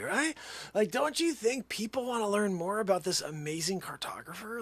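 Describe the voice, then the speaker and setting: Male comedian, rambling improv storyteller, a touch high-pitched, bone-dry room. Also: moderate pace, no room sound. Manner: rambling, deadpan tall tale full of fillers. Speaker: livestream comedian.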